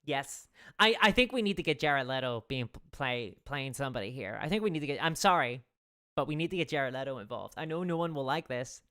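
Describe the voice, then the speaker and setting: A woman with a notably low-pitched voice hosts a casual live stream. She rambles, restarting her sentences often, and pauses to thank viewers for their donations. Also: expressive, fairly bright tone. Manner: rambling, with frequent restarts and fillers.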